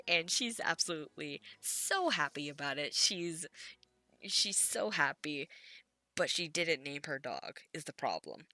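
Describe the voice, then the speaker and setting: Low, bright-voiced woman rambling an episode recap. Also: no echo. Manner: chatty and gushing, with laughs and casual swearing. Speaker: anime recap vlogger.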